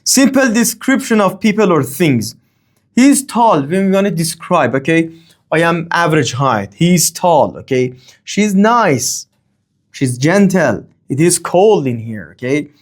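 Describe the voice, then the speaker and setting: Guy teaching grammar, bit high voice, lots of uh and okay. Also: lively intonation. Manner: explains slowly with many fillers and okays. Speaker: language teacher. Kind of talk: grammar lesson.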